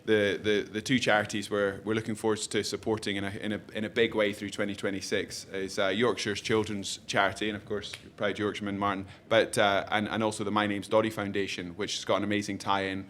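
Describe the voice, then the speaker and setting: A man hosting a live podcast conversation, talking quickly with many restarts and rambling asides. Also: on the low side, flat delivery, fairly bright tone. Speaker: podcast host. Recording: faint ambient noise, live event.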